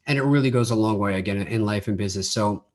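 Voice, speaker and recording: Speaking quickly in a fairly low voice, a podcast host chats casually on his solo show. He tends to repeat words at the start of his sentences, and when quoting others he performs their lines himself.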